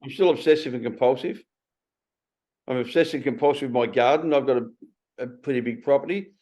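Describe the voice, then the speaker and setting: An Australian man in his sixties hosting a casual conversation, blunt and animated, swearing freely. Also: mid-range voice, fairly quick. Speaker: podcast host. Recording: slightly muffled recording.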